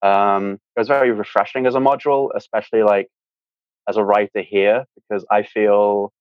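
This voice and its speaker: A man's voice: lowish voice, level tone, moderate pace, no echo. A young man with a British accent, a guest in a casual interview, talking in a rambling way with lots of fillers. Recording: dull, dry lo-fi sound.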